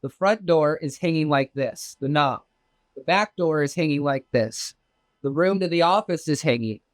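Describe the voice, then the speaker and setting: A man from Southern California telling a personal story as an interview guest, animated and profane, acting out the voices of others in it. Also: moderate pace, no room sound. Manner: animated, profane, acts out quoted exchanges with big pitch jumps. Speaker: interview guest recounting a UFO experience. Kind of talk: casual storytelling.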